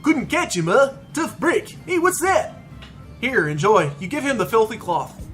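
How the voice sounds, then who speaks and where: A man's voice: sits high, expressive, brisk, sharp tone, faint music behind. A man voicing a chatty, folksy townsman with a put-on old-timey rural drawl. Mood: amused.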